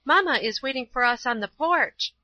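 A woman voicing an eager little boy in a storybook, excited and hurrying. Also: high-pitched, moderate pace, dry recording, pitched above the performer's own voice.

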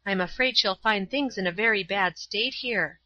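A woman voicing a kindly young female schoolteacher, ill with fever, speaking gently and earnestly in a storybook reading. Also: medium pitch, normal speed, natural voice. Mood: warm, delighted. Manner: gentle, motherly, softly earnest. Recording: slightly dull, dry recording.

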